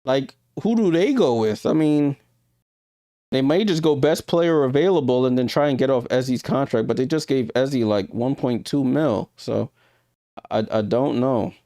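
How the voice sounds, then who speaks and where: Speaking at a moderate pace in a warm, medium-pitched voice, this livestream host has a New York accent and gives casual reactions, thinking out loud and chatting to viewers with hesitant ums. The studio-quality recording is dry.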